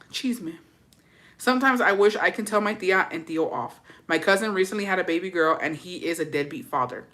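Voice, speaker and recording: A woman, bright-voiced, profane gossip host. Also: fairly low pitch, normal speed. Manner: profane, animated, drops Spanish words. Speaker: host reading viewer stories. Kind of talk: casual gossip commentary.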